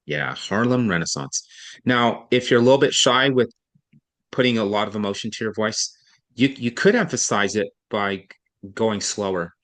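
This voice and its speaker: A man working as a reading tutor, reading a passage aloud and coaching, deliberately stressing key words and slowing down to make a point. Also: mid-range voice, expressive, a bit bright.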